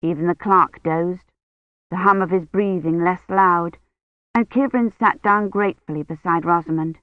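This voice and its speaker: A woman reading a novel aloud as narrator in a calm, measured way. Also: fairly low pitch, dry recording. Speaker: audiobook narrator. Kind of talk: scripted narration. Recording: tinny phone-like line.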